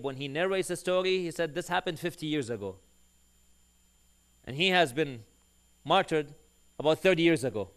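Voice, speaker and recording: A man preaching a sermon, telling a long story and acting out the dialogue of its people. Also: medium pitch. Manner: animated storyteller who acts out quoted dialogue.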